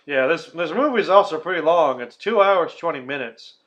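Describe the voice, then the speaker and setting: A man hosting a podcast in casual chat, swearing often as he retells a film with animated energy. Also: a little high, normal speed, muffled recording. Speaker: podcast host.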